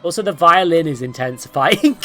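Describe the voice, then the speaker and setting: Sarcastic, lively woman streamer. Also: fairly low pitch, normal speed, faint music behind. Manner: sarcastic, swears, greets monsters playfully. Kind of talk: casual gameplay commentary.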